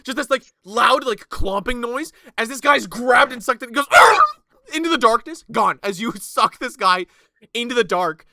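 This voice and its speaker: A man's voice: very high voice, normal speed, gravelly, bright, forceful tone, no room sound. A man narrating a tabletop game as game master, loose and profane, with frequent laughs.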